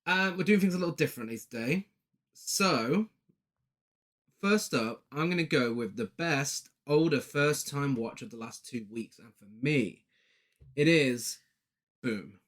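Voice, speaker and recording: Guy cohosting a movie podcast, playful and jokey, middle pitch, casual chat. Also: lively intonation, measured pace, a bit bright. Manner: playful, chatty, joking asides. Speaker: podcast co-host.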